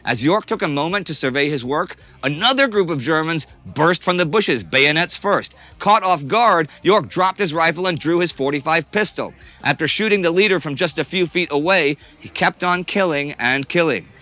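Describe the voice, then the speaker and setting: A man's voice: on the high side, animated, moderate pace, hardly any pauses. A man narrating a scripted history documentary in a dramatic storytelling manner. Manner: dramatic storyteller, swings between tense and hushed.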